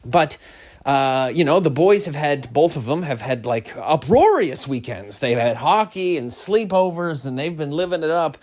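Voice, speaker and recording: A middle-aged man rambling through a comic podcast monologue. His pitch bounces all over the place as he drops into mock-serious near-whispers and then jumps back up loudly. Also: expressive, moderate pace. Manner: rambling and jokey, swinging between mock-solemn hush and sudden loud bursts. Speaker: podcast host.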